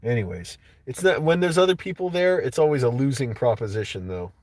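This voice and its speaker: A man's voice: medium pitch, expressive, fairly quick, darkish tone, dry recording. A man hosting a livestream, ranting casually and angrily with lots of swearing. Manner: profane, agitated ranting. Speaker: livestream host.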